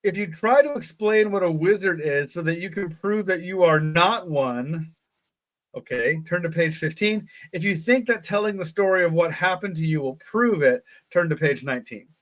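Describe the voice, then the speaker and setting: A man's voice: high voice, lively intonation, moderate pace, a bit bright. A man co-hosting a live podcast, reading a gamebook aloud and breaking off into joking asides. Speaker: podcast co-host. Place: live online show.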